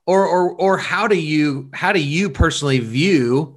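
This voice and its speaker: Relaxed, enthusiastic male host asking interview questions. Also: on the high side, measured pace. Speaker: podcast host. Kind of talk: casual interview.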